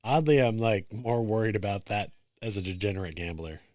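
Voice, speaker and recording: A man's voice: on the low side, fairly quick, dry recording, studio quality. A man co-hosting a basketball podcast, making wry, laid-back remarks while watching a live game. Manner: laid-back, wry, lively ups and downs. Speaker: podcast co-host. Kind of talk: casual live watch-along chat.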